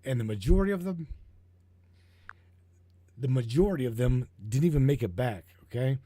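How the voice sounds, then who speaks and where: A man hosts a livestream in a dry, close-sounding recording, stammering and restarting his sentences. He rambles, grows heated and swears freely, at a middle pitch for a man. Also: lively intonation, moderate pace, warm tone, dry recording. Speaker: livestream host. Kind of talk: casual livestream talk.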